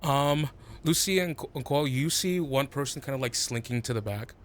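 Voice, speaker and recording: A man's voice: medium pitch, moderate pace. A man narrating as game master of a tabletop game, hesitant, with many fillers and restarts.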